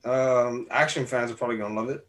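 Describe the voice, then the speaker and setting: A man co-hosting a casual movie podcast, chatty and animated, swearing freely. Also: mid-range voice, fast talker. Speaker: podcast co-host. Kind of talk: casual movie review chat.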